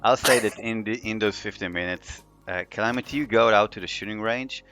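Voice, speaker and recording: Deep-voiced male game master. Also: fairly quick, soft background music. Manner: relaxed, filler-heavy narration. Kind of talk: narrating a tabletop game.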